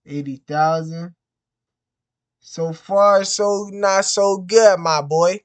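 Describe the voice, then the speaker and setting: Male real estate wholesaler, slow-paced casual vlog delivery, profane and repetitive. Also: high-pitched, clear, resonant tone. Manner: frustrated, repetitive, peppers every phrase with "bro". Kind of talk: casual profane venting to camera.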